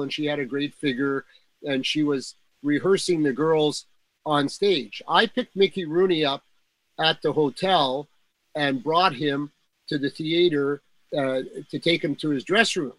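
An older man recounts stories in a rambling, filler-heavy way. His voice is bright and fairly high for a man. The sound is dry and close. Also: a little slow, no echo, poor audio. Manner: rambling, many fillers and restarts. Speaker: guest storyteller. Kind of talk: casual anecdote telling.

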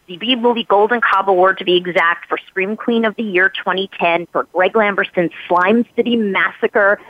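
A woman guest speaks with emphatic, motivational drive and stacks repeated phrases. She comes through a narrow, tinny phone line with no room echo at all. Her pitch is mid-range for a woman. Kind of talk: podcast interview. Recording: phone-line audio, dry.

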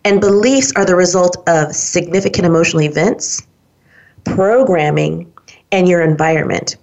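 A woman's voice: fairly low pitch, normal speed, gravelly, darkish tone, muffled recording. A woman hosting a self-help talk show, speaking upbeat and straight to her listeners in a coaching manner. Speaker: host.

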